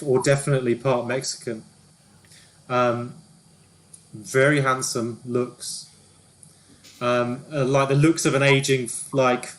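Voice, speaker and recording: A man narrating as game master in a tabletop roleplaying game. His voice sits in the middle range, and he describes scenes haltingly, with many pauses and restarts. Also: medium pitch. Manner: hesitant, lots of ums and restarts.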